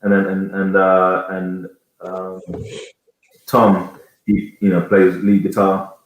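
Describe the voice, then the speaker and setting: In a very echoey room, a Jamaican singer in a band, in his thirties, chats casually as an interview guest, rambling as he reaches for words. He speaks slowly in a low, monotone voice.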